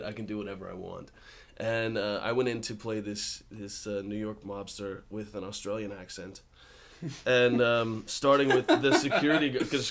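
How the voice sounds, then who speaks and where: Laid-back young man telling stories. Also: mid-range voice. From United States. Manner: laughs often, relaxed storytelling. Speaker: actor guest. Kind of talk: casual interview chat.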